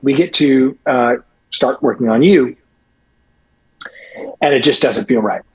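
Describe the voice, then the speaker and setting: A man's voice: medium pitch, a little slow, slightly rough, low-quality recording. A middle-aged man, a guest rock musician, telling rambling, profane stories in casual podcast chat with many restarts.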